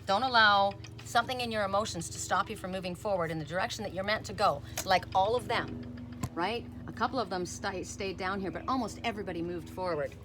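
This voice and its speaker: Speaking a little fast in a mid-range voice over some background noise, a woman chats her way through a casual oracle card reading. She keeps adding "right?" and sometimes cuts herself off with a sudden, emphatic "Stop."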